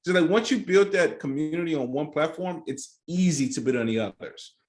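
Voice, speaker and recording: A man guest on a podcast explaining social media strategy in an emphatic, animated casual way. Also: on the high side, a little fast. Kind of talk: casual interview chat.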